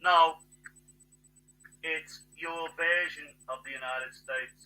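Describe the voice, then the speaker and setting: A man in a rambling, agitated monologue, swearing and bursting into shouts. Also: on the high side, fairly even intonation, takes it slowly, rough recording.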